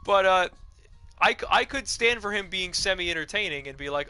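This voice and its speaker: A man's voice: high-pitched, fast talker, pushed and bright, poor audio. A young man streaming a video game, chatting casually in a profane, rambling, digressive rant. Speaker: gaming streamer.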